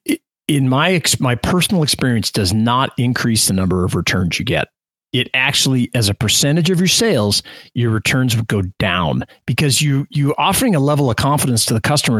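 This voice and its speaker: A man co-hosting a casual business podcast, talking through his ideas with lots of quick restarts. His voice moves up and down a lot, and the recording sounds dry and close. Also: mid-range voice, no room sound. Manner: lively, restarts often, explains with examples. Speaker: podcast co-host.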